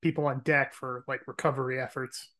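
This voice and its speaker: This is a man talking football picks with a co-host, his voice at an ordinary middle pitch. He hedges a lot, trips over how he starts his sentences, and reasons out loud as he goes. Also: level tone, a little fast. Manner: hedging, stammers at starts, thinks aloud. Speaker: podcast co-host. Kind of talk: casual sports-betting chat.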